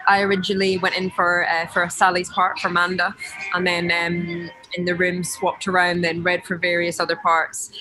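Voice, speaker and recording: A woman with a Scottish accent, an actress talking reflectively in a video-call interview, with many ums and pauses. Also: fairly low pitch, completely flat delivery, bright, forceful tone, soft background music, low-quality recording. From Scotland.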